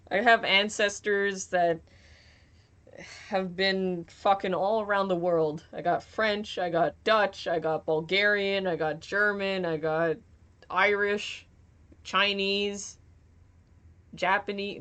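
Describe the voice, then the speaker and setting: A woman's voice: medium pitch, a bit bright. A young woman streaming from home, chatting casually while gaming, giggling and joking as she reads chat aloud.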